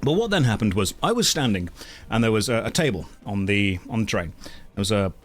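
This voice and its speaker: A man's voice: on the low side, sing-song, brisk, soft background music. A man telling a casual anecdote on his stream in a dry, self-mocking way, with many restarts.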